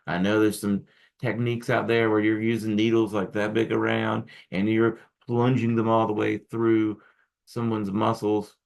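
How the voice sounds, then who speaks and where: A man's voice: fairly low pitch, flat delivery, moderate pace, creaky, a little mellow. A man teaching acupuncture students in a casual, rambling lecture full of restarts and asides. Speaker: acupuncture instructor. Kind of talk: recorded lecture.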